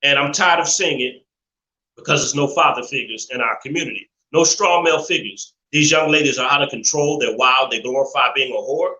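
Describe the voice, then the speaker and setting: A man's voice: medium pitch, a little fast, sharp tone, reverberant, highs cut off. A man hosting a live call-in stream, talking in an opinionated, preachy way and laughing often as he reads chat messages. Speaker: live show host.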